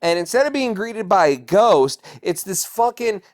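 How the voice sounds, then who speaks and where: A man's voice: high-pitched, sing-song. A man co-hosting a podcast, reviewing a horror film in casual chat, swearing often and rambling. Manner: profane, rambling, quick to act out characters. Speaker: podcast co-host.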